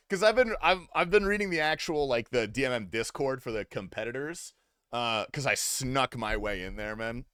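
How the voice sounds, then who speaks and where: Animated streamer, teasing and profane. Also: male voice, medium pitch, moderate pace, clear, resonant tone, no room sound, clean studio sound. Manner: loose, profane, teasing banter with chat. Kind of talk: casual gaming livestream commentary.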